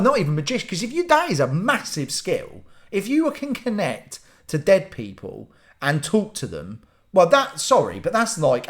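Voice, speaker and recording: A man in his thirties tells a casual, skeptical story and laughs through it. His pitch swings widely as he speaks, and he swears freely. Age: 30s. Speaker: vlogger.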